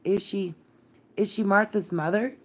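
A woman's voice: fairly low pitch, normal speed, darkish tone. A woman voicing a timid, thin young girl who pleads in a faltering, tremulous way. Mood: anxious.

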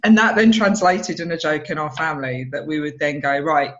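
Woman comic on a podcast, animated storyteller, laughs a lot, kinda muffled lo-fi audio. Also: sits low, brisk. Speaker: stand-up comedian guest. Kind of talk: casual podcast conversation.

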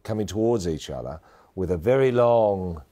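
Deadpan Australian male co-host, rambling with fillers, dark mellow tone. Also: low voice, moderate pace. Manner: rambling, hesitant, lots of fillers. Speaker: comedy co-host. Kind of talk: deadpan mock sports commentary.

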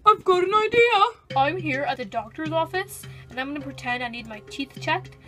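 A woman's voice: high-pitched, lively intonation, normal speed, bright, forceful tone. A young woman voicing a melodramatic male toy pet addicted to toothpaste, whiny and prone to screaming. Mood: sulky. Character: frantic toothpaste-obsessed male pet, adult. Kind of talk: toy video skit. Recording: music playing underneath.

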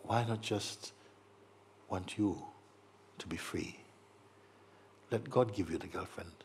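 A man giving a gentle spiritual talk to an audience, playful and teasing, acting out little voices and laughing as he speaks. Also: lowish voice, slow pace, a little hiss or hum. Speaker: spiritual teacher.

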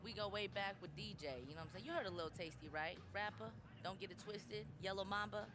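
A man's voice: high-pitched, fast, noisy background, natural voice. An actor playing a brash young man who is a basketball rookie's childhood friend, boasting in casual street slang in a game cutscene. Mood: boastful.

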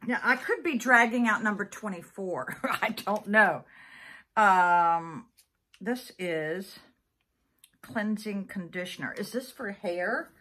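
A woman's voice: medium pitch, takes it slowly, pushed and bright. A woman in her sixties chatting casually as she unboxes items, thinking aloud and laughing often. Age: 60s. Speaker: vlogger.

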